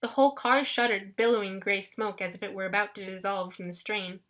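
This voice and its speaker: A woman narrating an audiobook in a lively first-person storytelling manner. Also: medium pitch, brisk.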